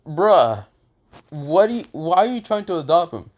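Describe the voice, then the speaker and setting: A man's voice: sing-song, moderate pace, darkish tone, muffled recording. A man voicing a frustrated grown male ninja leader who whines in a raised voice. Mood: exasperated. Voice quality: high, whining complaints.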